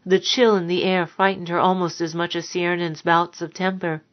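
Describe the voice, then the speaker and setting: A woman narrating a dark story in a measured, somber way, on a dull lo-fi recording. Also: fairly low pitch, little pitch movement. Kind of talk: audiobook narration.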